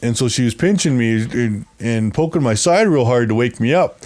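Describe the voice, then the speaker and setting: A man's voice: mid-range voice, animated, moderate pace, a little mellow. Rambling man telling a story. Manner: rambling, acts out quoted voices, laughs often. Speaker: guest telling his story. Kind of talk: casual storytelling.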